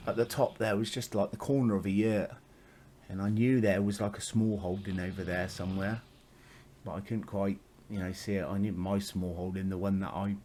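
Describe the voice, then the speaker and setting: Low-voiced man rambling casually. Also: level tone, normal speed, warm tone, a little hiss or hum. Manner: meandering, swears casually, chuckles often. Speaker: spiritual storyteller.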